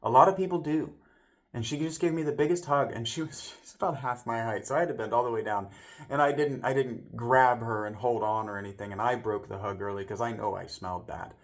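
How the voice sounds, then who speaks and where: A man's voice: medium pitch, brisk. Guy rambling through a story to camera, restarts a lot, acts out what people said, voice right in the middle. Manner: rambling, with frequent restarts and self-corrections; voices other people's lines in the retelling. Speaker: vlogger telling a personal story.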